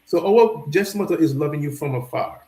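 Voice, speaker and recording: A man from Jamaica with a Jamaican accent, a festival founder being interviewed on a talk show, telling stories in an animated way with many restarts. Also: on the high side, brisk, roomy sound.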